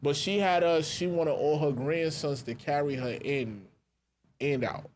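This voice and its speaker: Man, new york accent, podcast co-host, relaxed storyteller, faint background noise. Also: fairly high pitch, measured pace. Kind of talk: casual chat.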